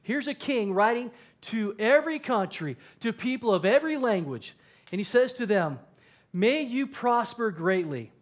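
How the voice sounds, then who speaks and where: A man's voice: very high voice, lively intonation, normal speed. A male pastor preaching a sermon, telling the story with animation and acting out the quotes.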